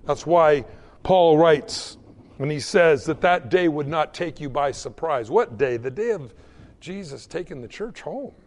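A man's voice: on the high side, expressive, measured pace. A man preaching a conversational sermon, acting out little everyday exchanges between people. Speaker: pastor.

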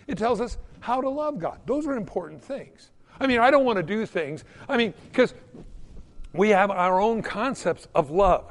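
A male preacher delivering a sermon in a church sanctuary, his high voice leaping up and down in pitch. He talks emphatically, rising to loud peaks and then sinking to a hush. A long reverb from the hall trails each phrase. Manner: emphatic, swinging between loud peaks and hushed drops.

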